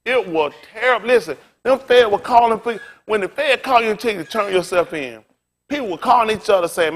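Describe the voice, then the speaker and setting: Animated high-voiced preaching pastor. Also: male voice, brisk. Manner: animated, laughing, loud bursts. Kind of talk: preaching with storytelling.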